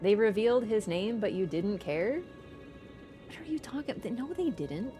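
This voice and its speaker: A woman livestreamer in casual chat, animated and teasing toward viewers and swearing casually. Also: mid-range voice, moderate pace, music in the background.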